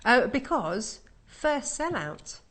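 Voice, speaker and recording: A woman's voice: fairly high pitch, very animated, slow pace, fairly bright tone. Chatty woman presenting live shopping TV. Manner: chatty, upbeat selling patter. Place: TV studio.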